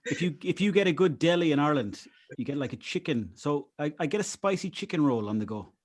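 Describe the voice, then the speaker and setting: A man guesting on a podcast in casual chat, joking and quick to laugh. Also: fairly high pitch, expressive.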